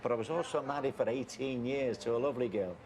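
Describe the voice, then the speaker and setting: An actor playing a blustery, defensive middle-aged farmer with a Scouse accent, in found-footage style. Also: male voice, mid-range voice, quick pace, a little mellow, close to an everyday voice. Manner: blustery, defensive, calls people mate. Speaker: farmer guarding his cousin. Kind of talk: found-footage film acting. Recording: noisy handheld camera audio.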